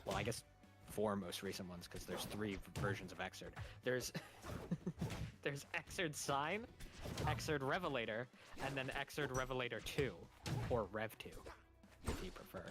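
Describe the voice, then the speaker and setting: A man's voice: medium pitch, animated, measured pace, over music. A man co-hosting a game stream in casual chat, nerdily explaining game lore at length with small chuckles.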